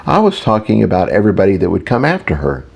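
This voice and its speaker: A man's voice: on the low side, huge pitch swings, quick pace, vocal fry, darkish tone, a little hiss or hum, exaggerated voice. A man voicing a sly older woman who leads the houses and mocks with false sympathy. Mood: mocking.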